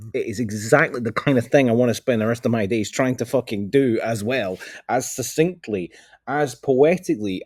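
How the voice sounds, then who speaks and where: A man's voice: fairly low pitch, mellow, dry recording. Sweary Scottish man, dry close sound. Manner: sweary, self-mocking, talks to himself in asides. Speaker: amateur reader introducing a recording. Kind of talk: casual rambling self-recorded intro.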